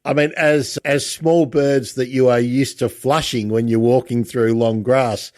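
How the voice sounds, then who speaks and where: A man's voice: mid-range voice, steady tone, a little slow, a little mellow. A man, hosting a podcast and asking questions in a chatty, wandering way. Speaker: podcast host. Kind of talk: casual interview.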